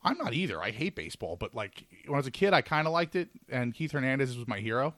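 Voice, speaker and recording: A man's voice: mid-range voice, sing-song, fast talker, fairly bright tone, dry recording. A man co-hosting a casual beer podcast, chatty and joking, often correcting himself mid-sentence. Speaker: podcast co-host reviewing beer. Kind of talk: casual chat.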